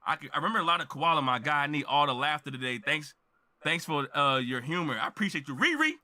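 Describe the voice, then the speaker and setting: A man who makes reaction videos, ranting loudly and emphatically to his audience. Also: a little high, fast talker. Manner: loud, emphatic, shouts with indignation. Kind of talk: animated ranting monologue.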